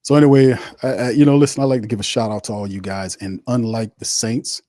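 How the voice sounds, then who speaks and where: A man's voice: medium pitch, steady tone, fast talker, mellow, no echo, studio quality. A man hosting a live sports watch party, ranting bluntly and repeating himself. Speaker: sports podcast host.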